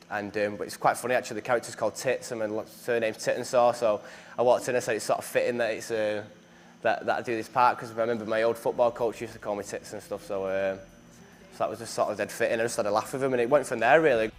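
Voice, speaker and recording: A fast-talking young man with a lowish voice and fairly even intonation, an actor from northern England, chats casually in an interview. He keeps putting himself down good-naturedly and often restarts or fills pauses.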